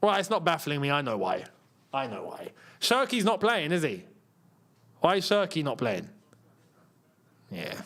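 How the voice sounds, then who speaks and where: A man's voice: a little high, huge pitch swings, a little slow, creaky, pauses often, fairly bright tone. Chatty man hosting a watchalong. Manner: chatty, laughs often, reads viewer comments. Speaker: host of a football watchalong. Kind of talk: casual live match commentary and chat.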